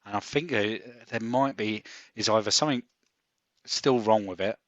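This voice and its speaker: A man co-hosting a podcast in casual chat, pausing often with ums and restarts. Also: lowish voice, fairly bright tone, no echo, highs cut off. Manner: hesitant, many ums and restarts. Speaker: podcast co-host. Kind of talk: casual chat about fantasy football.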